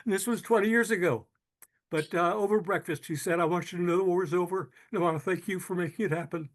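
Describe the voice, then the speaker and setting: An older man tells his story in an earnest, unhurried way. His voice sits a little high for a man, and he often stops to restart a phrase. He gets moved as he goes on. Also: fairly even intonation. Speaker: speaker telling his own story. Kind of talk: personal storytelling talk.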